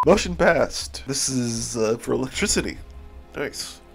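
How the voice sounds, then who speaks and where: A man's voice: fairly high pitch, wildly swooping pitch, drawn-out words, vocal fry, long pauses, pushed and bright, soft background music. A man giving casual, rambling commentary on a strategy game he is playing, swearing and laughing often. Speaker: video game streamer. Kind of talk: casual let's-play commentary.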